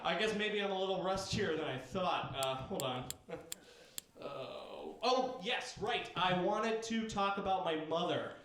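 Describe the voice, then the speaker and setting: A male comedian on stage talks in a halting, awkward deadpan, pausing often. His voice sits high for a man. The club is very echoey, with steady noise behind him. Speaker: stand-up comedian. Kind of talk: stand-up routine.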